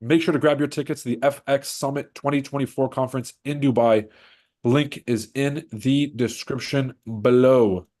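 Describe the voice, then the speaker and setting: A man's voice: medium pitch, steady tone, unhurried, darkish tone. Stuffed-up male streamer, brash hype-man host of a casual trading stream. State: stuffed-up nose. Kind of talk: casual livestream commentary.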